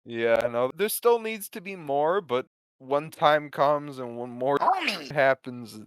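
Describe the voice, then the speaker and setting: A man chatting casually as a podcast guest, halting and often restarting his sentences. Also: mid-range voice, clear, resonant tone, no echo, clean studio sound. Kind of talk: casual chat.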